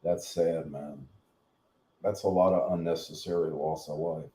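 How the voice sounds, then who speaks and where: A man's voice: a bass voice, steady tone, measured pace, warm tone. A middle-aged man hosting a channel, ranting in a blunt, profane, rambling way. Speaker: channel host. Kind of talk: casual rant. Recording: echoey room.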